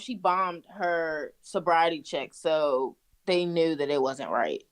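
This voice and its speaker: A woman's voice: mid-range voice, moderate pace, hardly any pauses, a bit bright, slight background noise. A young woman telling wild stories in casual, profane chat, laughing as she goes. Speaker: guest. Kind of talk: casual storytelling.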